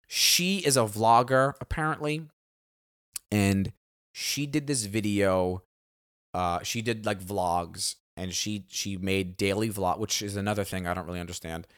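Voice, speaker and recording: A man's voice: on the low side, unhurried, a bit bright, smooth. A man co-hosting a podcast in casual chat, rambling and emphatic, swearing freely. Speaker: podcast co-host.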